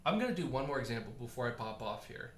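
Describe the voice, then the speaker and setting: A man hosting a casual livestream, talking in a chatty, animated way and answering viewer comments while he slowly loses his voice. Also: medium pitch, reverberant, slight background noise. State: losing his voice. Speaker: livestream host.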